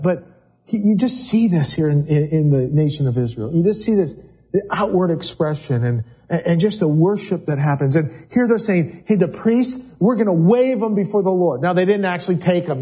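A man's voice: sits high, dark tone, husky, highs cut off. A man preaching a sermon in a church sanctuary, talking in a loose, conversational way and often repeating words as he goes. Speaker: pastor.

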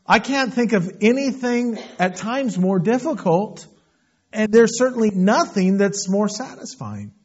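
Man preaching, high husky voice, earnest swings between loud and quiet, dull lo-fi recording. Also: big pitch swings, measured pace. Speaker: pastor. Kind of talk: sermon.

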